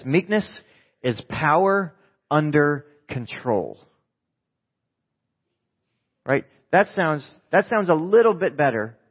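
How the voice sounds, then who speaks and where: A married man preaching a conversational sermon to a live congregation, lively and jokey, often quizzing the audience with quick questions. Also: medium pitch, slightly rough. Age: adult, married with a wife. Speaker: pastor. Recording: dull lo-fi sound.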